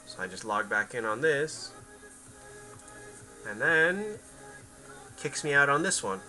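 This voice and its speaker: A man's voice: medium pitch, sing-song, takes it slowly, sharp tone, soft background music, rough recording. A man chatting casually on a game livestream, rambling to his viewers and his cat. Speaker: game streamer.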